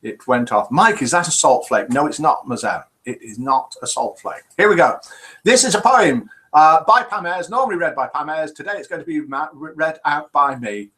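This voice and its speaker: A British man with a somewhat high voice, speaking at a moderate pace, hosts a casual live web show from a small home studio room. Chatty and relaxed, he reads out viewers' names and comments, broadcasting through a webcam.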